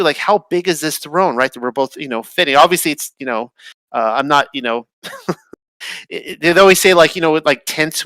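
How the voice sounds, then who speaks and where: Man, casual scripture chat, rambling, fillers, bright, smooth. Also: fairly high pitch, no echo. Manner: rambling, self-interrupting with fillers. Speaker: discussion group host.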